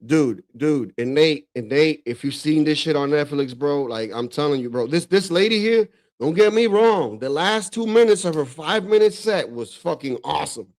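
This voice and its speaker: Profane laughing streamer, slightly high voice. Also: male voice, lively intonation, normal speed, hardly any pauses, a little mellow. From Dominican Republic. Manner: loose, profane, laughs often, says "bro" a lot. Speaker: stream host reacting to clips. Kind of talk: casual reaction commentary.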